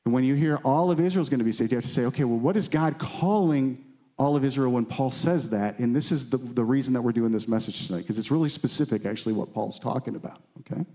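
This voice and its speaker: A man's voice: medium pitch, fast talker, dark tone. A man teaching a Bible study to a live group, reading scripture aloud and asking the room questions in a conversational way. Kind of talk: teaching sermon.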